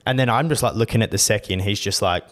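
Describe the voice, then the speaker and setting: Young male co-host, slightly low voice, loud and blunt, heavy swearing, casual banter. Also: fast. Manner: brash, swearing, ranting. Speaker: podcast co-host. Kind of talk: casual chat.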